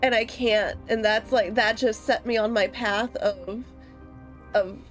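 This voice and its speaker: A woman's voice: a little high, steady tone, a little slow, soft background music. A woman streamer giving casual gameplay commentary, giggly, playful and rambling.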